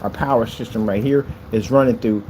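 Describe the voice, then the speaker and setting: A man's voice: medium pitch, fairly even intonation, fairly quick, dark tone, slight background noise, low-quality recording. A man casually walking through his custom PC wiring, chatty and boastful, with playful asides. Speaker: maker showing a custom PC build. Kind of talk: casual tutorial vlog.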